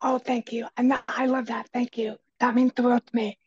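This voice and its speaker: Raspy quiet woman on a podcast, super husky, flat-ish delivery, dull lo-fi sound. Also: a little high, a little fast, dry recording. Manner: earnest and emphatic, repeats key phrases. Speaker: podcast guest, speaker and kitchen coach. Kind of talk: casual conversation.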